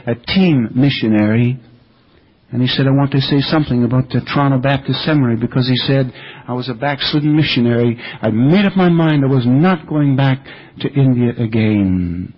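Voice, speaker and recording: An older man preaching a sermon, earnestly telling revival stories with quoted speech, on an older radio broadcast. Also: mid-range voice. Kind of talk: sermon storytelling about revival. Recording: dull lo-fi radio recording.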